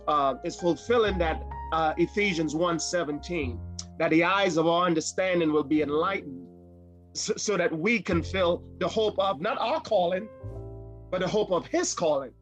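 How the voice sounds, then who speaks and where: Halting man interviewer, slightly high. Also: animated, faint music behind. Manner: halting, repeats words while framing questions. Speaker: podcast host, interviewer. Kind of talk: interview questions.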